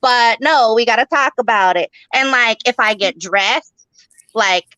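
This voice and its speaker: A woman's voice: on the high side, measured pace, bright, forceful tone, no echo, low-quality recording. A young woman doing a stand-up set, profane, rambling and brash. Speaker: stand-up comic.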